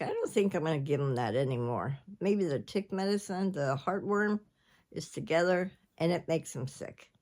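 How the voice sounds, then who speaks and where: A woman's voice: low-pitched, a little mellow. Rambling chatty older woman. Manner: rambling, chatty, jumps between subjects. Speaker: vlogger. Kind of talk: casual chat.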